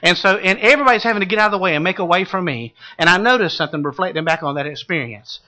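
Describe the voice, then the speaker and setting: A man preaching a sermon, swinging from loud calls to hushed low asides. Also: very fast. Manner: dramatic shifts from shouting to hushed low tones.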